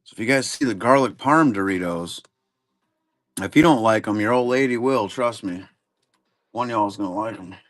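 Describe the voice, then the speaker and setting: A man's voice: lowish voice, moderate pace, long pauses. Laid-back guy rambling on a stream. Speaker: livestream card break host. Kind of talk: casual chat while running a live stream.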